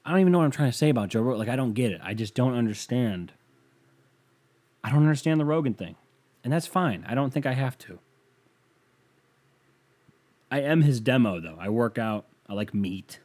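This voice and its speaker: A man's voice: medium pitch, lively intonation, fast, a little mellow. A young man hosting a podcast, riffing in a casual comedic monologue, rambling and wry with lots of fillers. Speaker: podcast host.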